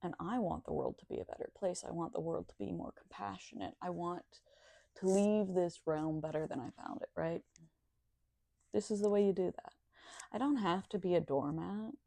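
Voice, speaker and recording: A woman's voice: lowish voice, moderate pace, creaky, warm tone, no room sound. A woman talking in a casual monologue, sardonic and profane.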